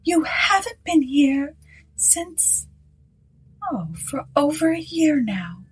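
A woman's voice: high-pitched, very animated, slow, soft background music, pitched above the performer's own voice, full character voice, rough recording. A woman doing a bitter, hardened plantation mistress. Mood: brittle, bright.

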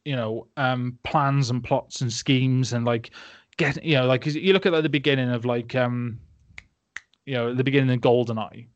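A man's voice: mid-range voice, steady tone, normal speed, no room sound. Young guy ranting about a movie, rambly and sarky, dead dry mic. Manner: rambling, sarcastic, laughing, mocking voices. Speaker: podcast host. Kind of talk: casual film-review chat.

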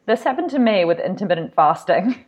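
A young woman co-hosting a podcast, telling animated stories and acting out what people said. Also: medium pitch, brisk, slightly rough. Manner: animated storyteller, acts out quotes. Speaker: podcast co-host. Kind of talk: casual chat. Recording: muffled sound.

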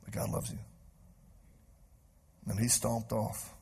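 Male preacher, gravelly husky voice, animated storyteller on a church stage. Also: medium pitch, slow pace. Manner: animated, acts out voices in stories. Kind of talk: sermon storytelling. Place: church stage before a live crowd.

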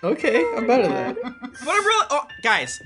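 A woman's voice: a little high, huge pitch swings, normal speed, music in the background. A woman playing a tabletop game, giggly and rambling as she describes her character's actions. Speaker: player.

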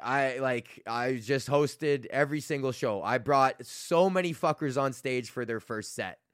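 Hosting a laid-back solo podcast, this comedian from Canada, in his thirties, rambles, curses freely, pokes fun at himself, and laughs a lot. He speaks at a measured pace in a smooth, medium-pitched voice, with dry, studio-quality sound.

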